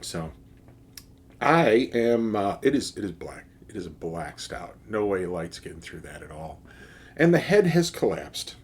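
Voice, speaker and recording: A man's voice: low voice, very animated, unhurried, slightly rough. A man giving a casual, enthusiastic beer tasting review, speaking with frequent fillers and restarts.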